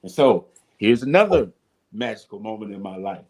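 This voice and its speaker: A man, a former football player telling animated stories as a guest on a talk show. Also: lowish voice, moderate pace. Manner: animated storyteller, acts out his coaches and shouts. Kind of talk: storytelling in a talk-show interview.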